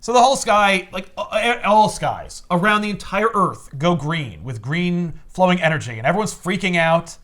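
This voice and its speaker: A man with a high speaking voice talks in a casual chat about comic books. He retells scenes with energy and jumps into quick voices for the characters' lines. His tone stays loose and conversational. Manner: animated storyteller, acts out quoted lines. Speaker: podcast host. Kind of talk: casual comic book discussion.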